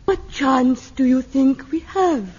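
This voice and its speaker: An earnest heroine of an old-fashioned stage melodrama. She speaks slowly in a high, mellow voice with a lively lilt. It comes through a dull, faintly hissy old television recording. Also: breathy edge, full character voice. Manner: slow, mannered line reading. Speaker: amateur actress reading a scene.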